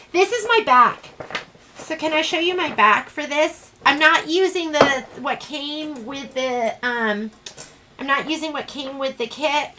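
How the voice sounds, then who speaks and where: A woman's voice: sits high, fairly bright tone, slight background noise, rough recording. A woman teaching a live online sewing class, chatting in a rambling, self-deprecating way as she works. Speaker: sewing instructor.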